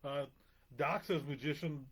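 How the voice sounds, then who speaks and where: A man's voice: a little high, a little slow, fairly bright tone, husky. A man co-hosting a wrestling podcast, playing a quiz contestant, thinking aloud in playful, self-deprecating banter. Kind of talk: casual banter.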